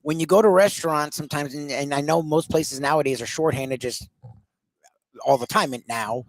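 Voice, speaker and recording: Man, teasing banter, halting, dry close sound. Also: on the high side, no room sound. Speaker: show co-host. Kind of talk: casual chat.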